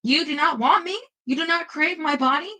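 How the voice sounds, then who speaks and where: A woman reader puts on a vain male night spirit who brags about his talents in a heavy German accent. The voice is raised, bright and self-satisfied, the pompous seducer of a storybook. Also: sits high, normal speed, pitched above the performer's own voice, poor audio. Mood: boastful. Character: cocky blond male incubus, vain seducer.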